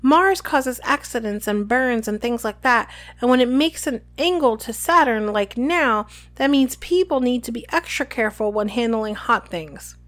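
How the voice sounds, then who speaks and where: A woman voicing an excitable teenage schoolgirl who talks quickly and eagerly. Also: fairly high pitch. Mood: excited. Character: excitable teenage girl student.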